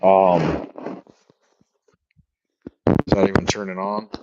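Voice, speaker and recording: A man's voice: sits low, fairly even intonation, slow pace, heavy background noise. A man hosting a livestream, telling an exaggerated, profane story in a rambling way over a wireless earbud mic. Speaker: livestream host. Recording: dull dry earbud mic sound.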